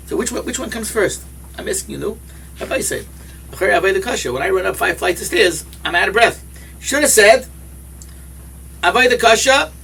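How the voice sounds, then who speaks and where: An older man with a New York accent giving a sermon as a rosh yeshiva, animated, swinging from loud exclamations to hushed asides and mixing in Yiddish and Hebrew words. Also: high voice, creaky. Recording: distant mic with light background noise.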